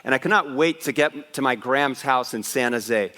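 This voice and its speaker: A man preaching a Christmas Eve sermon as a pastor, telling a lively personal story with asides. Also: mid-range voice, normal speed, in a large hall. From West Africa. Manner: animated storyteller, raising his voice for punchlines. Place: church sanctuary.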